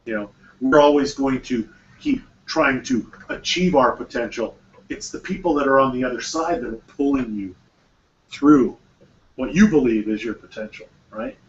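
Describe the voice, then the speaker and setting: A man's voice: mid-range voice, animated, moderate pace. A man hosting a mastermind group discussion, talking casually and often acting out quoted exchanges with repeated phrases. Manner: conversational, repeats phrases, acts out quoted dialogue. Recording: distant, dull, faint room noise.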